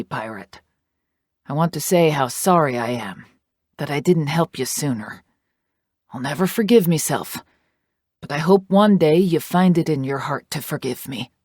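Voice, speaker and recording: A woman's voice: deep voice, darkish tone, no room sound, clean studio sound. A woman reading out a remorseful male biker's letter to his friend, heartfelt and blunt, with swearing.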